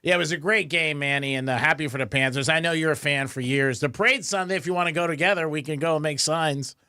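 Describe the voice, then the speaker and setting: A man's voice: a little high, quick pace, clear, resonant tone, dry recording, studio quality. A man hosting a radio talk show, joking and laughing often in casual banter. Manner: jokey, laughs often, lively.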